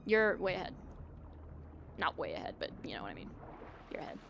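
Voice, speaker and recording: A woman's voice: lowish voice, huge pitch swings, a little fast, gravelly, noisy background. Chatty young woman streamer. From United States. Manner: chatty, rambling, full of "like" and "um", laughs often. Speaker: live streamer. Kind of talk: casual chat with viewers.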